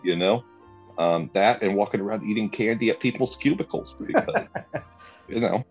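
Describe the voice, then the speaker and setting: A young man telling a comic story in a casual chat, animated and laughing often as he acts out what people said. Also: lowish voice, normal speed, muffled recording, faint music behind.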